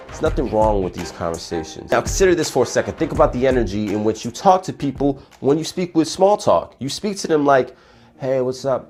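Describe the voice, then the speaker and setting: A man with a fairly low voice delivers profane confidence and dating advice straight to the listener. His delivery jumps between loud, punchy bursts and slower, quieter stretches. Faint music plays underneath. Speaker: dating coach. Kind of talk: motivational advice monologue.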